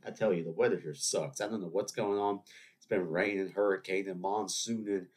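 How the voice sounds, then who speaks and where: A man's voice: deep voice, steady tone, brisk, a little mellow. A man hosting a solo podcast, sniffly from a cold, chatting in a rambling, digressive way with joking asides to his listeners. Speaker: podcast host.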